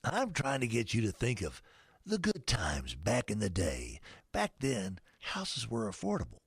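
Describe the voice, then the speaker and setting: A man putting on the voice of a folksy grandpa for a radio ad, talking slow and drawn out. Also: on the low side, huge pitch swings, breathy edge, no echo, clean studio sound, exaggerated voice. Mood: nostalgic. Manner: slow, drawn-out old-timer drawl. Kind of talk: ad read in character.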